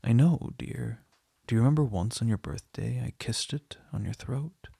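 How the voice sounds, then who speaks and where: A man with a husky, gravelly voice voicing a passionate former lover who forcefully pleads with a woman to come away with him. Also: mid-range voice, moderate pace, no room sound, studio quality. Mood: pleading. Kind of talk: storybook reading.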